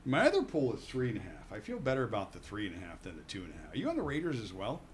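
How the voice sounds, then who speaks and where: A man co-hosting a sports show in quick, playful banter. His voice rises and falls freely as he argues his picks. A faint noise sits under the recording. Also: fairly low pitch. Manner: lively, upbeat, quick-firing picks. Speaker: sports radio co-host. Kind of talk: casual sports betting chat.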